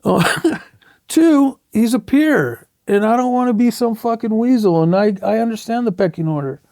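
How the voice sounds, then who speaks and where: A man's voice: sits high, expressive, moderate pace, a little mellow, dry recording, studio quality. A middle-aged man, a tattoo artist being interviewed, telling blunt, profane stories and acting out the quotes. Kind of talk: casual storytelling interview.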